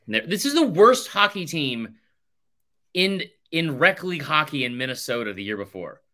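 A man co-hosting a casual podcast, ranking films with strong, animated opinions. His voice is bright and forceful, with plenty of swearing. He jumps into big outbursts of disbelief. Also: on the high side, normal speed. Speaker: podcast co-host. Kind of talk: casual chat.

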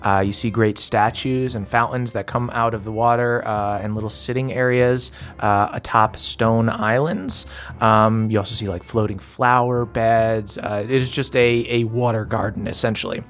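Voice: medium pitch, fairly even intonation, normal speed. A game master narrating a tabletop game in a rambling way with lots of fillers.

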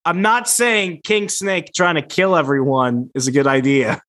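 A man's voice: on the high side, steady tone, unhurried, noisy background. A man co-hosting a podcast in casual chat, cracking jokes and humming theme songs. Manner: joking, hums theme songs. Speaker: podcast co-host.

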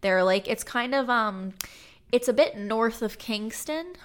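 A woman's voice: a little high, expressive, unhurried. A woman co-hosting a casual chat podcast, from Canada, rambling and playful with lots of fillers. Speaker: podcast co-host.

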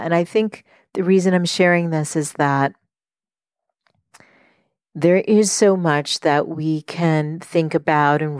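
Low-voiced woman telling a heartfelt story. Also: smooth, dry recording, clean studio sound. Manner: earnest, reflective, with frequent fillers. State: tearful while telling a story. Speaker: podcast host and life coach. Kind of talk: personal storytelling monologue.

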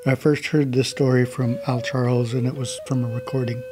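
A calm, laid-back young man from the United States, telling a traditional story to a gathering. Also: medium pitch, a little fast, very noisy.

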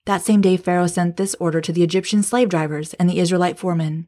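A woman leads a devotional Bible study, reading scripture aloud and talking it through with her listeners, whom she calls her friends. Her voice sits low, with a dark, mellow tone. She sometimes drops to a whisper to stress a point. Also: fairly even intonation, fast, hardly any pauses. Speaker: Bible study podcast host.

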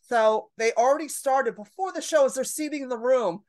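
A woman's voice: high voice, fairly quick, darkish tone. A woman comedian telling a story in a podcast conversation, brash and profane, acting out the people in it. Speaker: comedian guest.

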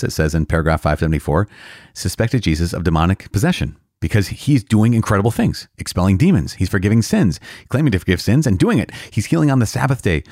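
Man, priest, low voice, earnest and emphatic, casual teaching tone, dry sound. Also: darkish tone, dry recording. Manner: earnest, emphatic, repeats himself, occasional laughs. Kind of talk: conversational teaching on a catechism reading.

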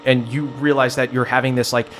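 A man's voice: mid-range voice, little pitch movement, brisk, a bit bright, a little hiss or hum. A man narrating as game master in a tabletop game, describing scenes casually with lots of fillers.

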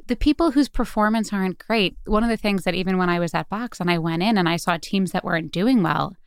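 A woman speaks in a smooth, resonant voice on a dry, close recording. She is a marketing executive and a podcast guest, telling a workplace story with animated energy and acting out the lines of other people. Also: medium pitch, fast talker, no echo. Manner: animated storyteller, acts out dialogue. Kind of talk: conversational anecdote.

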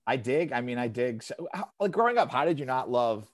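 Animated swearing man on a podcast. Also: mid-range voice, fairly quick. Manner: animated, swears, mimics voices in quotes. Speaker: podcast co-host. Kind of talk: casual chat.

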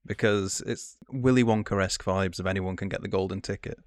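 A man's voice: low-pitched, steady tone, brisk. A man on a film podcast giving dry, analytical takes in casual chat.

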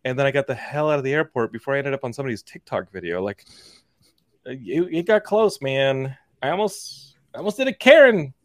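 A man in his forties, a podcast host, telling a story in casual chat and acting out the dialogue in lively quoted voices. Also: mid-range voice, brisk, no echo, studio quality. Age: 40s.

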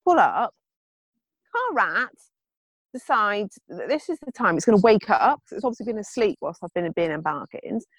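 Animated woman telling a story. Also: medium pitch, moderate pace, slightly rough, no echo. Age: adult. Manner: animated storytelling, acting out quotes. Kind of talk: casual chat.

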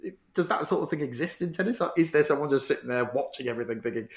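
A man's voice: mid-range voice, lively intonation, very fast. A man co-hosting a casual podcast, asking thoughtful, meandering questions. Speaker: podcast co-host. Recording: echoey room.

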